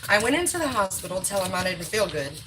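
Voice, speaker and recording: Blunt, low-voiced woman. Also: sing-song, quick pace, background noise. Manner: blunt, profane, talks while putting away groceries. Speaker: livestreamer. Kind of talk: casual livestream chat. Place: home kitchen.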